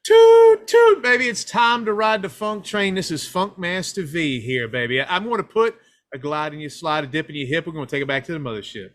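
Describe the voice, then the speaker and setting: A man's voice: high-pitched, expressive, brisk, pitched above the performer's own voice. A man voicing his brash, boastful male DJ alter ego, a wrestling persona who hypes in rhymes. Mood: hyped.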